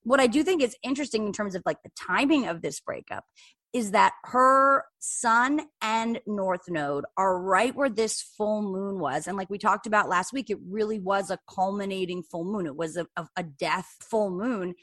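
A woman co-hosts a casual podcast, chatting quickly and easily and bringing in astrology talk. Her voice is mid-pitched, and the recording is dry and close, with almost no room sound. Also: fairly bright tone, no room sound. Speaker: podcast co-host. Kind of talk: casual chat.

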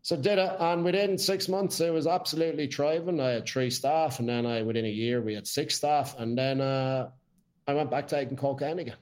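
A man's voice: mid-range voice, steady tone, fairly quick, darkish tone. An Irish man, a podcast guest, telling his life story in casual chat, blunt and swearing freely.

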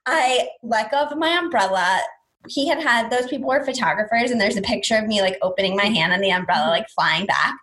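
A woman's voice: mid-range voice, a little fast, slight background noise, poor audio. A young woman telling a personal story in casual chat, talking in a chatty way with lots of fillers and quoting what people said. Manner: chatty, lots of "like", animated retelling with quoted voices.

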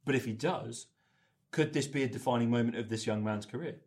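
A man's voice: medium pitch, a little fast, a little mellow. A Welsh man hosts a casual sports podcast with friends. He teases his co-hosts and steers the chat from one point to the next. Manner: teasing, leads the talk and reads ad plugs. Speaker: podcast host.

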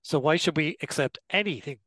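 An older man, a gastroenterologist, giving measured, explanatory interview answers and clearing his throat now and then. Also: on the high side, a bit bright, dry recording, poor audio. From Ireland. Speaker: gastroenterologist guest.

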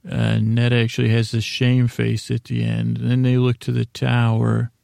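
A man with a very gravelly, dark voice drifts through a rambling episode recap meant to lull listeners to sleep. He speaks in a flat, even tone, halting often and paraphrasing scenes loosely. The sound is close and dry. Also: mid-range voice, dry recording. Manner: meandering, halting, loosely paraphrases dialogue in a casual retelling. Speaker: sleep podcast host.

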